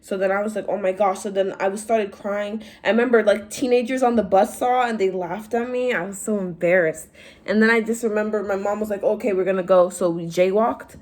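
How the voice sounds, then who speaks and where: A young woman vlogger telling stories in casual chat, animated, acting out quotes in a higher voice. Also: fairly quick. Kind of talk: casual storytime vlog.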